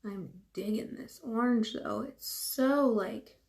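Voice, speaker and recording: A woman's voice: on the high side, slow, gravelly. A woman from California chatting casually through a livestream while she does her makeup, rambling with lots of fillers.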